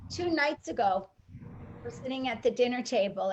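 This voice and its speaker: Woman, high pitch, animated storyteller, casual chat, faint noise. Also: normal speed, poor audio. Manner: animated, acts out quoted dialogue.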